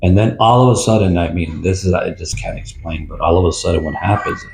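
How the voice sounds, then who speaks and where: An older man, a retired police officer, recounting an experience from his career in a rambling, halting way with many fillers. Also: deep voice, creaky, a little mellow, slight background noise. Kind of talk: storytelling interview. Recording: roomy echo with faint music.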